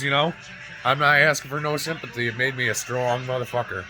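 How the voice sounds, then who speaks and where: A man's voice: medium pitch, steady tone, fairly quick, rough recording. Emotional, profane man in his forties. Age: 40s. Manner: raw, profane, keeps adding "right?" and "you know?". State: emotional, near tears. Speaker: fitness vlogger. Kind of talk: personal storytelling to camera. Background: music.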